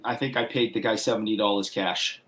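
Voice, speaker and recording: A man's voice: fairly low pitch, steady tone, a little fast, fairly bright tone. Male guest, Boston accent, meandering storyteller, casual livestream chat. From Massachusetts. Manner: rambling anecdotal storytelling with restarts.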